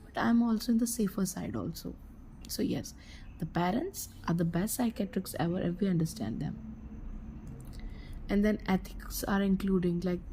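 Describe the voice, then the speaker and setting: A woman's voice: medium pitch, mellow, low-quality recording. Hesitant woman explaining forensics, faint hiss. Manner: hesitant, many fillers and restarts. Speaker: forensics channel presenter. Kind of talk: informal educational talk.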